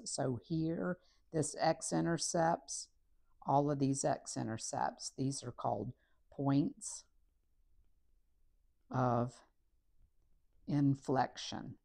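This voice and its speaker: A woman teaching a recorded math lesson, talking methodically through each step while she works on a graph. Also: a bass voice. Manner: steady, methodical, talks through steps while writing.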